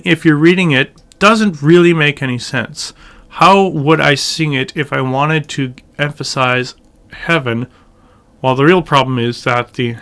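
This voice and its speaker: A man's voice: a little high, sharp tone. A man giving a casual chant lesson, explaining how the melody works, thinking aloud with fillers and now and then singing phrases of chant. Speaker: chant teacher.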